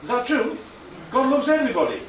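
Lively northern preacher in an echoey church. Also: male voice, extremely high pitch, fast. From northern England. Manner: chatty, jokey, asks the congregation questions. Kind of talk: sermon. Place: church hall. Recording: echoey church room, distant mic, dull sound.

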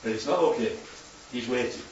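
Preaching to his congregation with slides, this man speaks at a medium pitch and a little fast, peppering his chatty sermon with tag questions. The sound comes from a distant, dull mic in an echoey hall, with a little hiss or hum.

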